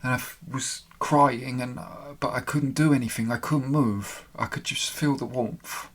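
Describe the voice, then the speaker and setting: A man recounting his own experience in an emotional, halting way, pausing and restarting as he remembers. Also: mid-range voice, fairly even intonation, a bit bright. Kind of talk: personal spoken account.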